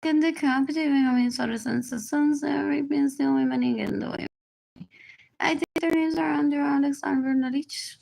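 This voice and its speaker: A woman's voice: sits high, a little fast, creaky, dark tone, slight background noise. A woman in her forties rambling on a livestream, repeating herself, drifting into near-whispers and switching between English and Spanish. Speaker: livestream host. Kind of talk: rambling live-stream monologue.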